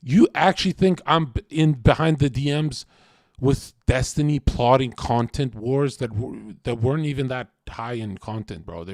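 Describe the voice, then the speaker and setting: A man's voice: mid-range voice, lively intonation, normal speed, darkish tone. A man hosting a livestream, talking casually, swearing a lot and taunting his chat. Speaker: livestream host.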